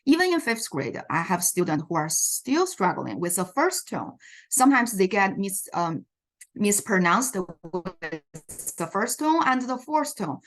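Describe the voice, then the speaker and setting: A woman's voice: mid-range voice, sing-song, unhurried. Woman presenting teaching strategies on a video call. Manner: explanatory, with frequent fillers and self-corrections. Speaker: Chinese language teacher presenting. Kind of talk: online teacher workshop presentation.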